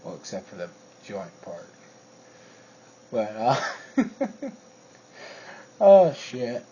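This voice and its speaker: Guy rambling slow through a cussing work story, husky voice, dull lo-fi sound, faint crickets. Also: fairly low pitch, sing-song, dark tone. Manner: profane, rambling, with frequent fillers. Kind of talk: casual personal storytelling.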